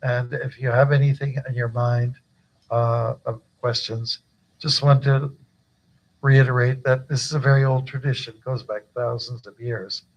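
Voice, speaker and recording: A man's voice: medium pitch, little pitch movement, unhurried, lo-fi sound. An older man, a guru, giving an informal initiation talk at a temple gathering, chatty and joking with many fillers.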